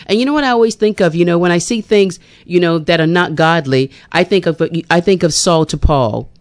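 A smooth-voiced radio morning host, talking casually and animatedly into a studio mic. Plenty of fillers and asides as the host greets listeners and leads a short devotional. Mid-range pitch, clean and resonant. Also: fairly quick. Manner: chatty and animated, with many fillers.

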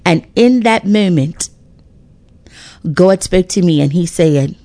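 Speaking slowly and pausing often, a middle-aged woman on a radio talk show urges listeners toward faith in an emphatic, preachy way, restarting phrases as she goes. Her low, deep voice is animated and mellow, captured dry and close without room sound.

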